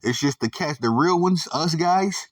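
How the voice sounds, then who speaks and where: A man hosting a podcast, ranting with slangy, animated commentary and stumbling repeats when heated. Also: on the high side, a little slow, dry recording, far from the mic. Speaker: podcast host. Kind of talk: opinionated commentary rant.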